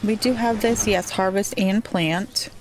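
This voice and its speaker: A woman casually commenting as she plays a settlement-building game, thinking aloud slowly with frequent pauses and ums. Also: mid-range voice, slight background noise. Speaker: gameplay streamer. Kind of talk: casual let's-play commentary.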